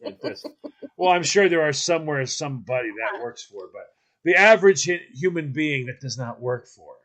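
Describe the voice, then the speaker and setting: A man telling funny stories in casual chat, animated and laughing, acting out what people said. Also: mid-range voice, moderate pace. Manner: animated, laughing, acts out quotes in funny voices. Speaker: podcast host.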